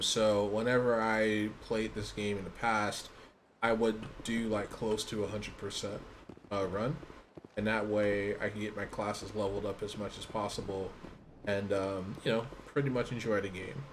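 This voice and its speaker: A man's voice: fairly low pitch, background noise. An American man giving casual commentary on his own gameplay, chatty and full of ums. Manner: chatty, many ums, laughs easily. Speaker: let's play gamer. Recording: game music playing behind.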